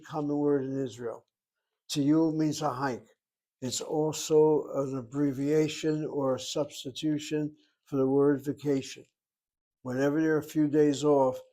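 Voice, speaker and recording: A man's voice: fairly high pitch, mellow. Older man explaining Hebrew words. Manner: explanatory, asks and answers his own questions. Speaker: Hebrew teacher. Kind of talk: classroom lecture.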